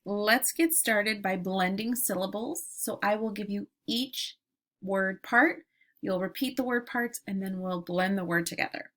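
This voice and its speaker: A woman teacher leading a phonics lesson for young children, modeling each word slowly and deliberately. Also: medium pitch, fairly bright tone.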